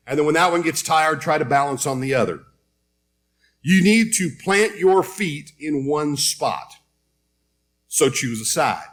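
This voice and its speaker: A man delivers a sermon, retelling scripture in an easy, storytelling voice. His pitch sits slightly above the usual for a man. He reads verses aloud between casual asides. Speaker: preacher.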